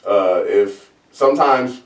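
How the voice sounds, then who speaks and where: A man hosting a podcast, telling stories in an animated, colloquial way in casual chat. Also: fairly low pitch, slow. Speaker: podcast host. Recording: roomy, distant mic.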